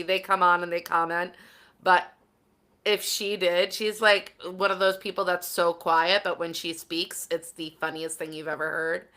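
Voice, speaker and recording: A woman from New Jersey co-hosting a live podcast, chatty and quick to laugh. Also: on the low side, bright, forceful tone. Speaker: podcast co-host. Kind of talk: casual live podcast chat.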